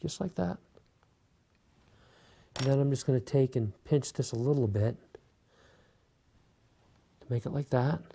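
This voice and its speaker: A man hosting a beginner clay sculpting tutorial, talking relaxed and casual while he works. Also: mid-range voice, moderate pace, pauses often, husky. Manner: relaxed, talks while working, many fillers. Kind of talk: step-by-step craft tutorial.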